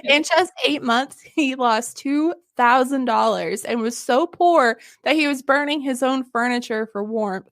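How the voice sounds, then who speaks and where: A woman with a high voice hosts a casual history podcast. She tells the story in an animated, joking way, laughing and swearing along. The sound is dry and close. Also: measured pace, few pauses, no echo. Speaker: podcast host.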